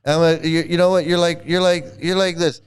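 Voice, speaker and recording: A man's voice: a little high, little pitch movement, fairly quick, clean tone. A man hosting a stream, ranting crude and scornful reaction commentary with lots of repetition. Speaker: streamer host.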